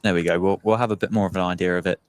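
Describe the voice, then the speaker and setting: Low-voiced male cricket play-by-play caller. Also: steady tone, clean tone. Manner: measured play-by-play calls, agreeable. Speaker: cricket commentator. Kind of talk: live sports commentary.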